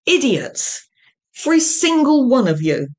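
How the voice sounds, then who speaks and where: A woman's voice: medium pitch, unhurried, lightly acted. A woman voicing a brusque, exasperated female security officer who barks orders and insults in a raised voice. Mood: scornful. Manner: shouts curses and orders.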